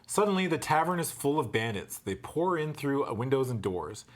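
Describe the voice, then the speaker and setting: This is a man running a tabletop adventure, reading the book's passages aloud at an ordinary middle pitch. Between passages he drops into relaxed, profane joking with his friends at the table. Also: moderate pace. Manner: swaps between read-out narration and joking, cursing banter. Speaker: game master reading the gamebook. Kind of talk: reading adventure text aloud with casual asides.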